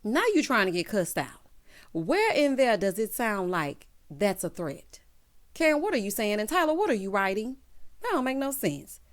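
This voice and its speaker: A woman's voice: medium pitch, big pitch swings, moderate pace. Sassy woman recapping a TV show. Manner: sassy, talks straight to viewers, acts out quotes. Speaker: TV recap host. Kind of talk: casual show recap and commentary.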